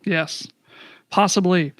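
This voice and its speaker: A man narrates a tabletop game in a loose, rambling way, filling the gaps with likes and ums and swearing freely. His voice is high-pitched and bright. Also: fairly even intonation, takes it slowly, no room sound, clean studio sound. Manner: rambling, profane, full of fillers. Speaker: game master.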